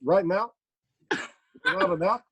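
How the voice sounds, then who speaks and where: A man impersonating a measured male politician who stammers, pauses on "uh" and weighs both sides of every answer. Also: high voice, wildly swooping pitch, noisy background, pitched above the performer's own voice, heavily acted. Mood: deliberate. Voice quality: halting, stammering doubled words and 'uh' pauses.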